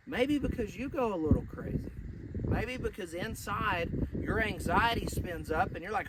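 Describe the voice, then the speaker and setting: High-voiced man coaching outdoors. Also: normal speed. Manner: coaching, turning into loud cheering and praise for the dog. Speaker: dog trainer. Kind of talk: outdoor dog training lesson. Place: outdoors beside a pond. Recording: distant mic with loud outdoor noise.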